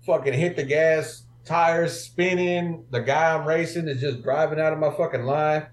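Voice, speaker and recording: A man telling a story in a casual podcast chat, profane and animated. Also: a little high, moderate pace, a little hiss or hum.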